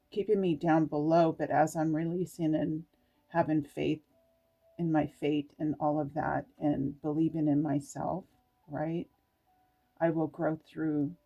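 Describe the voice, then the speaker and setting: A tired woman reading aloud from an oracle card book and reflecting in a meandering, halting way with laughs. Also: sits low, dark tone. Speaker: spiritual oracle card reader. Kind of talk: casual spiritual vlog, reading aloud and reflecting.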